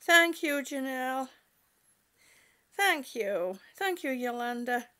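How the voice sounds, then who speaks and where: Slow-talking, high-voiced woman streamer. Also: lively intonation, bright, forceful tone. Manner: chatty, reads comments aloud, laughs often. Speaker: livestreamer reading viewer chat. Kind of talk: casual livestream chat. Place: at home indoors.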